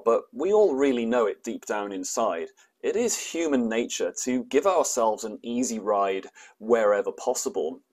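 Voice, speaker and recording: A man who is a personal trainer, hosting a fitness show and explaining his points in a casual, conversational way with frequent fillers. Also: mid-range voice. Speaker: personal trainer, podcast host.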